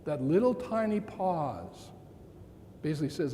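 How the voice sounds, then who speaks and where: Man in his sixties telling a story in a hall. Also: fairly high pitch. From Montana. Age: 60s. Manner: animated, with dramatic pauses and quoted dialogue. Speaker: keynote speaker. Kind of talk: storytelling talk to an audience. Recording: long reverb in a large hall, faint room noise.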